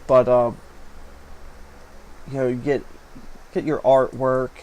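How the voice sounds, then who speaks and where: A man's voice: mid-range voice, level tone, takes it slowly, a little mellow, muffled recording. Chatty man narrating his own video. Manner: rambling, chatty, many fillers. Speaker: vlog host. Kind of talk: casual voice-over narration. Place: small hot room with a fan running. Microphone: home recording setup. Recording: faint fan noise.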